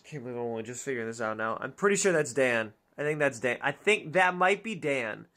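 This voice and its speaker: A woman's voice: rumbling low, expressive, fairly quick, a bit bright. A woman streamer chatting casually and musing aloud to her chat as she plays a dating game. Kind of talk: casual gameplay commentary.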